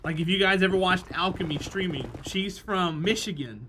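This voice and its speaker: Chatty male streamer, high voice, rambling casual talk over clear background noise. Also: normal speed. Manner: rambling, chatty, laughs easily. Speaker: game streamer. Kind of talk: casual live-stream chat while gaming.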